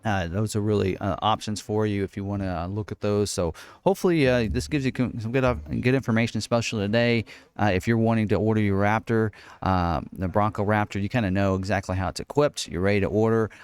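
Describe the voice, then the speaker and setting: A man's voice: lowish voice, fairly even intonation, fast, a little mellow, clean tone, no echo. A man hosting a car channel, casually walking through options on screen, thinking aloud with many fillers and restarts.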